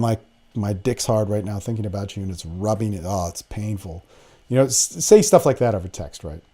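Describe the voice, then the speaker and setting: A young man holds forth in a casual podcast monologue, rambling and blunt, with plenty of swearing. His voice sits in a dark, mellow register at an ordinary pitch. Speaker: podcast host.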